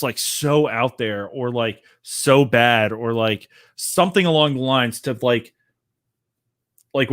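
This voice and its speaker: A man's voice: mid-range voice, a bit bright. Profane, rambling man hosting a rant. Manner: profane, rambling, filler-heavy. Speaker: podcast host. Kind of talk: casual rant.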